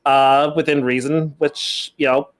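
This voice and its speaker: A man's voice: fairly high pitch, little pitch movement, a little slow. A man chatting casually with a friend on a voice call, laid-back and wry. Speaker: friend on the stream.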